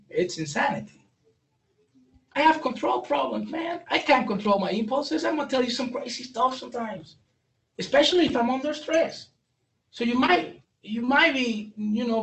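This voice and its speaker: Man, high-pitched, candid trainer who jokes and restarts often; distant mic, roomy hall, faint noise. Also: vocal fry. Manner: candid, jokey, many restarts and stumbles. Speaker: speaker training police on brain injury. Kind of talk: training talk to a live audience.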